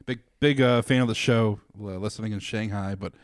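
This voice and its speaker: A man's voice: on the low side, a little fast, dry recording, clean studio sound. A man co-hosting a podcast in an easygoing, chatty way, often repeating himself as he tells a story. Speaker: podcast co-host. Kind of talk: casual chat.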